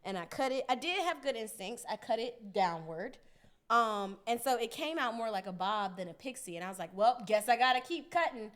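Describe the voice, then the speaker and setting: A young woman hosting a podcast, telling a story in a casual, animated, profane way, often laughing. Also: a little high, brisk. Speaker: podcast host.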